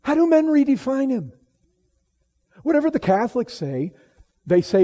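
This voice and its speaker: A middle-aged man preaching a sermon with emphatic delivery, swinging from low, solemn tones to loud exclamations and often repeating and restarting phrases. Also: very animated, moderate pace.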